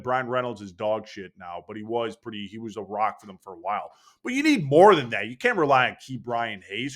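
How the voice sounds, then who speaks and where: Brash, bright-voiced young man ranting. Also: mid-range voice. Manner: brash, profane, hyped. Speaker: baseball channel host. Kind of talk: casual sports opinion monologue.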